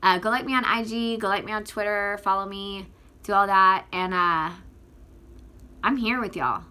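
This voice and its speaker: Lady from florida ranting to her camera, bright sharp voice, teary, lots of like and um. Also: medium pitch, normal speed, clean tone. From Northwest Florida. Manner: emphatic, rambling, full of fillers and restarts. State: tearful. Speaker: activist vlogger. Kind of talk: impassioned direct-to-camera vlog.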